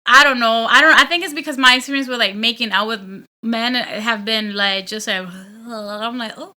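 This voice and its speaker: A young woman, telling dating stories in an animated, casual chat with lots of "like" and swearing. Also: on the high side, normal speed. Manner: animated storytelling, frequent "like", swearing, laughing. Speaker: podcast guest.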